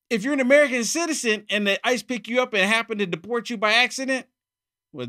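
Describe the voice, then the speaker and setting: A man hosting his own political commentary monologue, emphatic and repeating his points, swinging from loud outbursts to muttered asides. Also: extremely high pitch, lively intonation, quick pace. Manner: emphatic, repeats phrases for effect. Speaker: channel host.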